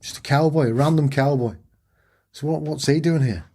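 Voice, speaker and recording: Pitched on the high side and delivered at a normal speed, this is a man with a Yorkshire accent. He tells his personal story as a podcast interviewee, animatedly voicing the dialogue from it.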